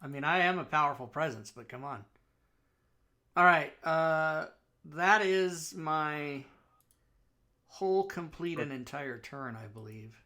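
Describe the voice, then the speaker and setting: A man with a slightly high voice plays a tabletop game. He talks eagerly and is quick to press his case about the rules. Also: expressive, pushed and bright. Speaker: player. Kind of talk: playing a tabletop game over a voice call.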